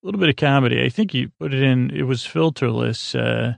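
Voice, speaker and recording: A man's voice: medium pitch, a little fast, creaky, no room sound. A man hosting a podcast, recapping an episode in a meandering, sleepy ramble full of uh fillers. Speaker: podcast host.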